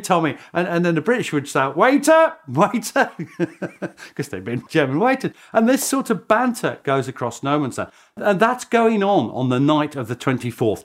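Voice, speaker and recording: A man, a historian, telling the story in an interview in an animated way, often chuckling and restarting his sentences. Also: a little high. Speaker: historian guest.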